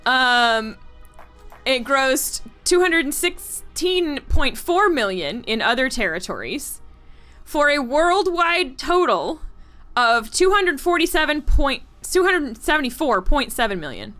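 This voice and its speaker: A woman streaming live, chatting with her viewers in an animated way and often laughing. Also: high voice, slow. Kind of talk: casual live-stream commentary. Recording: faint music behind.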